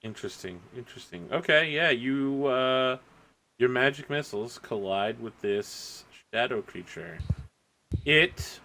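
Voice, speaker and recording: A man's voice: medium pitch, lively intonation, unhurried, sharp tone. A man running a tabletop game as game master, narrating casually with loose filler words.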